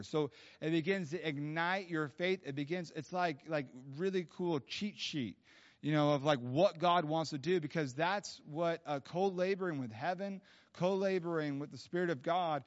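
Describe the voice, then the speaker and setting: A man preaching at a church, telling stories in a casual, animated way with many fillers. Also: fairly high pitch. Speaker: guest preacher. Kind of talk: storytelling sermon. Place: church hall. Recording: dull lo-fi sound.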